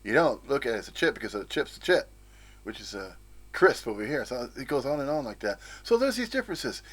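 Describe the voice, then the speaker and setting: A man's voice: mid-range voice, big pitch swings, brisk. A man from the United States giving an informal, rambling spiritual talk, with frequent chuckles and playful asides. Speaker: spiritual teacher.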